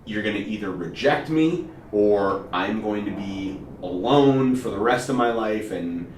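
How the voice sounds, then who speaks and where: Reflective man, low voice, echoey. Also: animated, unhurried. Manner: open, reflective, self-deprecating. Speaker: podcast host. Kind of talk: casual conversation. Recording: echoey room, mics at a distance, faint noise.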